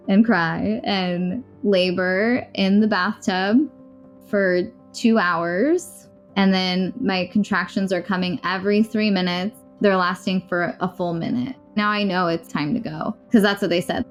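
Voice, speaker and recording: A woman frankly recounting a hard personal experience in a podcast interview, rapid and rueful, with short laughs. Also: mid-range voice. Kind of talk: candid personal storytelling.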